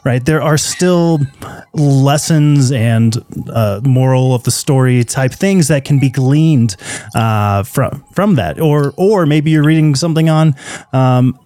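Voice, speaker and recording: A man co-hosting a casual podcast. He talks in halting bursts full of restarts and often pokes fun at himself. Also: medium pitch, warm tone, no room sound. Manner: halting, self-deprecating, many restarts. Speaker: podcast co-host.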